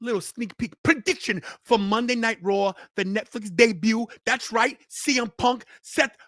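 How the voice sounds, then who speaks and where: A man's voice: very high-pitched, measured pace, bright, forceful tone, no echo, clean studio sound. A young man with a Southern US accent hosting a casual podcast, teasing his co-host and hyping things up with lists and repeats.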